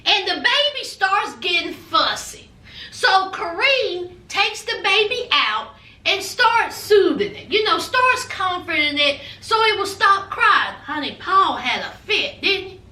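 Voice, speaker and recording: A woman recapping a reality TV episode in a sassy, animated storytelling way, often calling the listener "honey". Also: extremely high pitch, measured pace, reverberant, far from the mic. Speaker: reality TV reviewer. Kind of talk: casual recap commentary.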